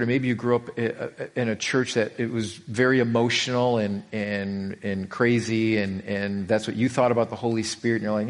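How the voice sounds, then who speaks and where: A man's voice: mid-range voice, brisk. A middle-aged man preaching a sermon as a pastor, telling stories with lots of animation, repeating himself and restarting lines. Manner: animated storytelling, frequent repetitions and restarts.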